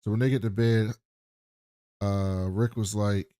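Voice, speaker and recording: This man's lowish voice moves a little slowly over a dry, studio-quality recording. As a podcast co-host, he gives a relaxed, animated recap of a TV episode, performing the characters' quotes.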